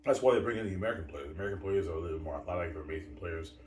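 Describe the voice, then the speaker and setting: A man's voice: low-pitched, very fast, a little mellow, roomy sound, distant mic, a little hiss or hum. A man from Canada giving blunt, opinionated answers to chat questions in a casual livestream, often repeating words and saying "man".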